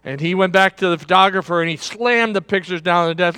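A man's voice: sits high, steady tone, fast talker, hardly any pauses, pushed and bright, clean tone, no room sound, studio quality. A man pastor preaching a conversational sermon, often repeating words and asking the congregation questions.

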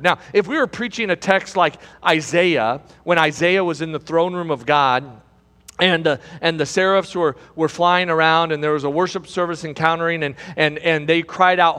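A man preaching a sermon from a pulpit. He swings between loud, high exclamations and low, quiet passages, and he repeats phrases. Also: normal speed. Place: church sanctuary. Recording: long hall reverb.

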